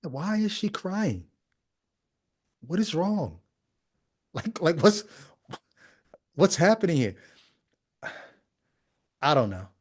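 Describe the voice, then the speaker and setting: A man's voice: fairly high pitch, very animated, slow pace, pauses often, breathy edge. A man hosting a podcast, giving critical commentary on a video clip in a skeptical, conversational way full of rhetorical questions. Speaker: podcast host.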